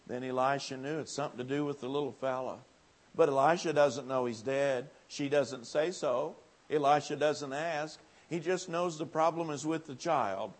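A man preaching a folksy revival sermon in a church, swinging from quiet asides to loud, lifted appeals. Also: mid-range voice, normal speed.

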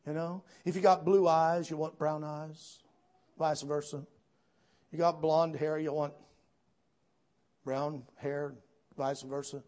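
A man preaching a sermon, telling folksy stories with asides to the congregation and building to loud, emphatic peaks. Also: on the high side, flat delivery, takes it slowly, pauses often. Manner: storytelling, swells to shouts at climaxes.

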